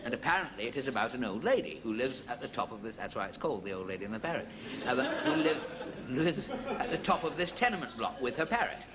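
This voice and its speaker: A man's voice: medium pitch, sing-song, fast, heavy background noise. A man telling a long joke as a televised comedian, chatty and self-mocking. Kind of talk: televised stand-up storytelling.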